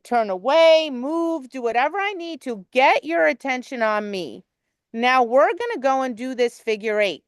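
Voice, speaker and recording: A woman's voice: high voice, clean tone, no echo. A woman dog obedience trainer coaching a student, blunt and emphatic, cursing casually.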